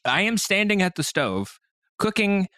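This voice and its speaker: A man's voice: sits high, a little slow, no echo, studio quality. A man hosting a podcast in a casual chat, telling stories with lots of laughter. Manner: animated storyteller who laughs often. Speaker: podcast host.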